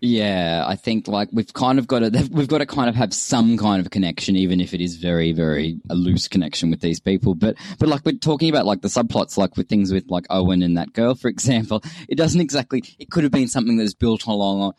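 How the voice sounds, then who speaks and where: A man's voice: on the low side, fairly quick, few pauses, a little mellow, no echo. A man co-hosting a casual film review chat, laughing often and restarting his sentences. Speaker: film review podcast co-host.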